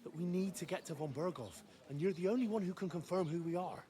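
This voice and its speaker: A man's voice: high-pitched, fast, crowd noise, lightly acted. An actor playing a young male peasant hero in a video game, talking in an urgent, pleading way. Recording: game music behind.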